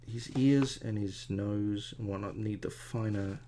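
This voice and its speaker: A man's voice: lowish voice, a little slow, warm tone, slight background noise. A middle-aged man, an artist, chatting casually and digressively as he works on a drawing, often poking fun at himself. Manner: chatty, digressive, self-deprecating. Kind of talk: casual rambling commentary while drawing.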